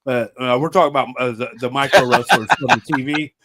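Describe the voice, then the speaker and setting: A man's voice: medium pitch, fast, fairly bright tone. A man from Pennsylvania hosting a podcast, telling profane stories in casual chat and acting out the voices of people he quotes. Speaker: podcast host.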